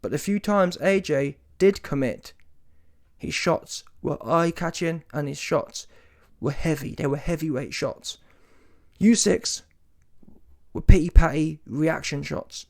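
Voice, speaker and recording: A man's voice: a little high, slow pace, creaky. A man giving a ranting reaction commentary on a boxing match, casual and slangy, emphatic and often mocking. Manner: animated, emphatic, rises to mocking shouts; casual street slang, swears.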